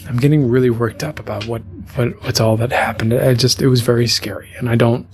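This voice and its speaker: A man's voice: mid-range voice, fairly even intonation, fairly quick, faint music behind, voice pushed down, close to an everyday voice. Brief: anxious, protective woman medic, voiced by a man, stammering apologies. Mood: flustered. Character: Eve, anxious caring female medic.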